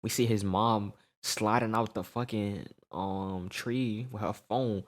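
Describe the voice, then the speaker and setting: A young man telling a storytime tale in casual slang, animated and peppered with "right?" tags. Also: fairly low pitch, takes it slowly.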